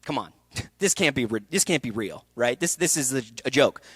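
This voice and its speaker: A young man with a bright, forceful voice tells an animated personal story to a festival audience. His delivery is candid and energetic. The sound is dry and close. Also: medium pitch, moderate pace, husky, no room sound. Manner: energetic, candid storytelling with laughs and acted quotes. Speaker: actor and speaker. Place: event hall.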